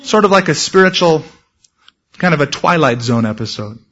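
A male pastor preaching a sermon, telling stories with lively asides and acting out quotes. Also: a little high, moderate pace. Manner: animated storytelling, shouts acted quotes. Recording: dull lo-fi sound.

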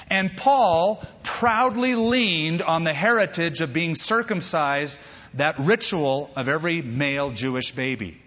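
Lively preaching man in an echoey hall. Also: fairly high pitch, measured pace, highs cut off. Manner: animated preaching with asides to the congregation. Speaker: pastor. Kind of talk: sermon.

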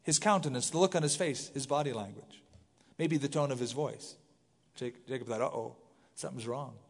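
A middle-aged man, a pastor, giving a conversational verse-by-verse sermon, reading scripture aloud and adding lively asides. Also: medium pitch, normal speed, creaky, slightly rough. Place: church sanctuary. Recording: long hall reverb from the sanctuary.

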